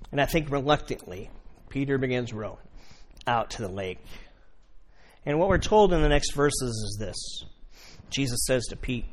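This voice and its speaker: A man preaching a sermon, telling the story in a lively way and acting out the characters. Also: mid-range voice, moderate pace, pauses often. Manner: animated storytelling, acts out characters. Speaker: pastor.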